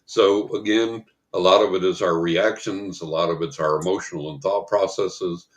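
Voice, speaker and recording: An older man, a psychic guest in an interview, telling anecdotes in a lively way and acting out the people in them. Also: low-pitched, moderate pace. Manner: lively storyteller who acts out the people in his anecdotes. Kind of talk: storytelling in a podcast interview.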